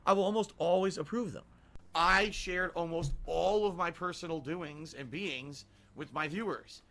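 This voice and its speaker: A man's voice: fairly high pitch, normal speed, fairly bright tone. A male streamer complaining at length in an indignant, ranting monologue.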